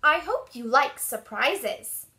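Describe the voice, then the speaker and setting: A woman voicing a friendly, good-natured male mole in a children's storybook, speaking gently and with good humor. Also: sits high, animated, slow pace, heavily acted.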